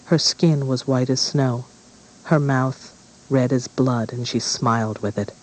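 Man narrating a dark storybook. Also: mid-range voice, steady tone, rough recording. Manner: measured, dramatic.

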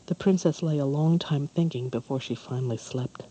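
A storyteller giving a measured, calm scripted narration of a fairy tale. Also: mid-range voice, breathy edge, rough recording.

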